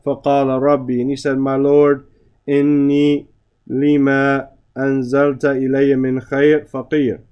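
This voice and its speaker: A man's smooth, mid-range voice with a darkish tone carries this classroom lesson on Arabic grammar. He speaks Arabic phrases aloud and translates them, often pausing to ask "right?"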